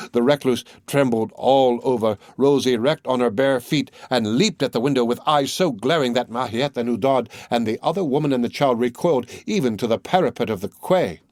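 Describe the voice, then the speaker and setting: A man reads a classic novel aloud in a measured, even narration, his voice sitting in a middle pitch. The recording is dry and close with no room sound. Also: dry recording. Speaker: audiobook reader. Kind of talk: scripted narration.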